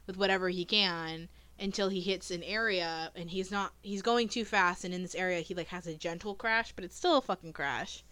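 A woman's voice: lowish voice, normal speed, few pauses, fairly bright tone, clear, resonant tone, no room sound. A woman co-hosting a podcast, casually retelling a movie plot in a rambling, profane way with lots of fillers. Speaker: podcast co-host. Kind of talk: casual movie review chat.

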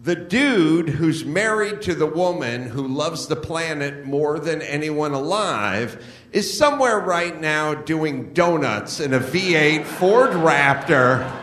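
A man's voice: a little high, fairly bright tone. A middle-aged man hosting a comedy podcast, delivering a blunt, profane, mocking rant to a live audience. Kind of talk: ranting live comedy monologue. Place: live show venue. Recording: echoey live venue.

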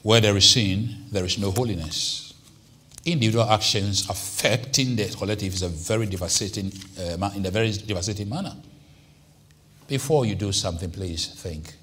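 A man preaching a sermon as pastor, swinging from hushed asides to loud, emphatic lines. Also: on the low side, normal speed, slight background noise. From Nigeria.

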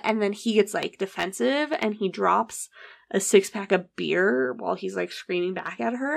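A woman's voice: medium pitch, a little slow, creaky. A woman casually telling a true story, acting out the people's lines and swearing freely. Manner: animated, acts out quoted dialogue, swears casually.

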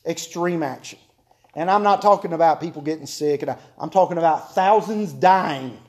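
High-voiced folksy preacher, a man. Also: normal speed, a little mellow. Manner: homespun, joking, repeats key phrases for emphasis. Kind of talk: folksy sermon to a congregation.

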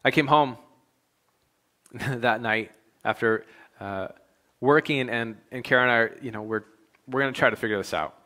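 A male pastor preaches at a moderate pace and medium pitch, piling up repeated phrases with building emphasis before slipping into quiet, conversational asides.

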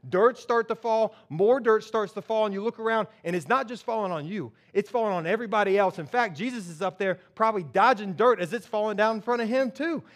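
Animated high-voiced male preacher. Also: a little fast, hardly any pauses. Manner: animated storytelling, acts out characters. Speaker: pastor. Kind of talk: sermon.

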